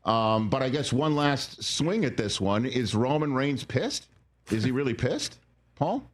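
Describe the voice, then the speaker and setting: A man hosting a sports talk show, asking playful, quick questions. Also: medium pitch, sing-song.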